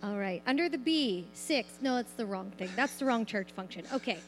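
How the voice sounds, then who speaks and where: A woman's voice: medium pitch, fairly quick, over music. A woman reading dance steps aloud at a church service, cheerful and encouraging. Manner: cheerful, encouraging, laughs along. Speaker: congregant reading dance instructions. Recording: long hall reverb.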